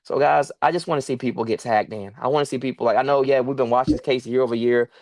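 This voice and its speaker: Appearing as a guest on a livestream interview over a video call, a man who farms and owns a sanctuary speaks earnestly and pleadingly, repeating himself for emphasis. His voice is mid-range, a little mellow, and quick, with no echo.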